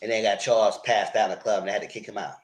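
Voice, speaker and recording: A man's voice: fairly low pitch, racing. A man giving a casual live recap of a TV episode, talking straight to his viewers and acting out the characters' lines as he goes. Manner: animated, acts out characters' lines in quotes; chatty, addresses viewers directly. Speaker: TV show reviewer.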